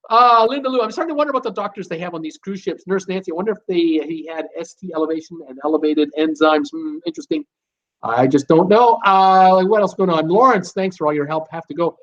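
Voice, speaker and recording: A man's voice: sits high, moderate pace, a bit bright. A middle-aged man hosting a live stream, casually reading out viewer comments and answering them with many fillers and restarts. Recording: dull lo-fi stream audio.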